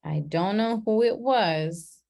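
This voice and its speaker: A woman leading an online class on a video call, talking in a relaxed, chatty way and laughing at her own slips. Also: mid-range voice, slow, gravelly. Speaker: class facilitator.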